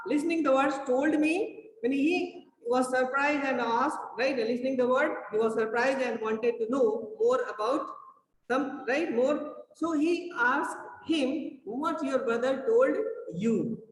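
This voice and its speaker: A man teaching an online class, explaining haltingly and repeating himself often. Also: very high-pitched. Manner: repetitive, halting explaining with many restarts. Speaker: school English teacher. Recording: echoey room with long reverb, faint hiss.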